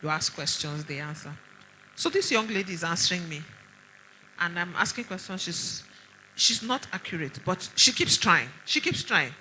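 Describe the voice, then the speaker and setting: A middle-aged Nigerian woman, a doctor, giving an animated conference talk full of stories and pointed rhetorical questions. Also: on the low side, normal speed, slight background noise, rough recording. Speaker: doctor speaking at a women's conference.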